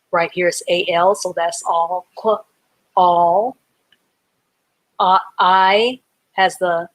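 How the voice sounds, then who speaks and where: Patient and encouraging, a middle-aged woman teaching reading works through a live lesson at a very slow, deliberate pace. Her voice is on the low side as she sounds out each word letter by letter and reassembles it. The audio is poor.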